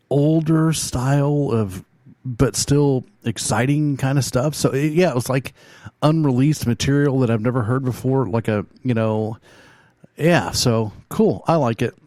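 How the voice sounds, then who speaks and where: A man hosts a music show from a studio, rambling and joking through his thoughts with plenty of ums and restarts. His voice sits at an ordinary middle pitch. The sound is close and dry, with no room around it. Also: a little mellow, dry recording. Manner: meandering, jokey, many fillers and restarts. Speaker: radio show host reviewing bands. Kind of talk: casual rambling chat. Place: studio, alone.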